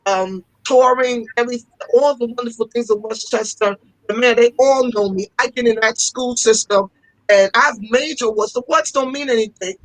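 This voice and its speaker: A woman's voice: fairly high pitch, moderate pace, no room sound, rough recording. Passionate woman telling stories, dry sound. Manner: passionate storytelling with repetitions. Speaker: fashion school owner and guest. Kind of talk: casual interview talk.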